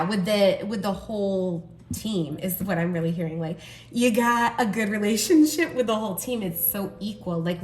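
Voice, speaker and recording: An excitable woman reading tarot cards for her viewers, gushing over each card with gasps and a constant stream of "like". Her voice carries an echo from the room, with a faint hum of ambient noise behind it. She sits at a mid pitch for a woman. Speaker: tarot reader.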